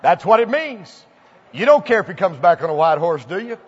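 A man preaching a revival sermon, telling folksy stories and building to fervent shouting. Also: high-pitched, sing-song, fairly quick, husky. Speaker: pastor. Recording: muffled old recording in a large hall.

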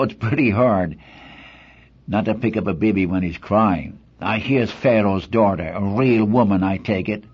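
Older male pastor, husky, low-pitched, folksy sermon storyteller, dull lo-fi recording. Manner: folksy storytelling with rhetorical questions.

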